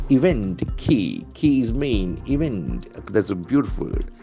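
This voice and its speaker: A man's voice: lowish voice, sing-song, a little slow, hardly any pauses, dark tone, faint music behind. A man teaching vocabulary from the news, spelling words letter by letter and repeating them. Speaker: English trainer. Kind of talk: newspaper vocabulary lesson.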